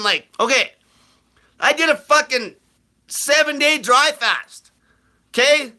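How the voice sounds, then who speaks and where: A man with a very high, piercingly sharp voice rants through a live Q&A, blunt and profane. His delivery is aggressive and comes in loud, shouted bursts. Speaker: host answering viewer questions. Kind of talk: live Q&A rant.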